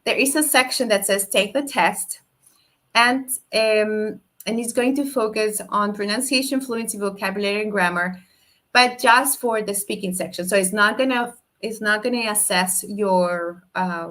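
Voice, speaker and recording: A woman lectures English teachers over a video call. She speaks at a middle pitch, explains step by step, and checks in with little "no?" and "right?" tags. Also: steady tone, measured pace, a bit bright. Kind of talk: online lecture. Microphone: video call microphone.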